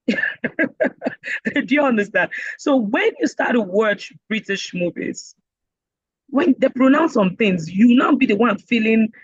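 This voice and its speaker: A Nigerian woman teaching a casual online speaking class, lively and joking as she acts out voices. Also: on the high side, a little slow, long pauses, husky, no room sound, lo-fi sound. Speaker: IELTS speaking instructor.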